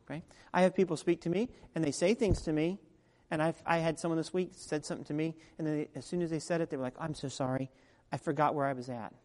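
A man preaching a sermon as pastor, talking in a conversational way that drops to quiet asides and rises to loud, emphatic peaks. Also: on the high side, steady tone, quick pace, hardly any pauses. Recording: long reverb of a large hall.

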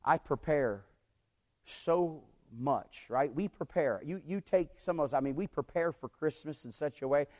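Man, pastor, sermon, conversational storyteller, slightly high voice. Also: measured pace, a little mellow. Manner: conversational storytelling, asks the congregation "right?".

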